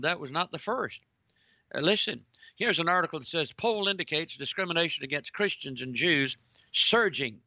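A man's voice: fairly high pitch, no echo, dull audio. A man delivering emphatic, preachy commentary, reading news articles aloud and addressing listeners directly. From United States. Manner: preachy, emphatic, repeats "ladies and gentlemen".

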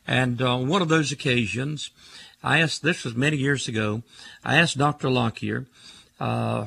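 A deeply gravelly, husky older man preaching on a call-in radio show. He hammers his points home by stacking words in rhythmic, emphatic lists. His delivery stays firmly in a preacher's cadence. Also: steady tone, moderate pace, fairly bright tone.

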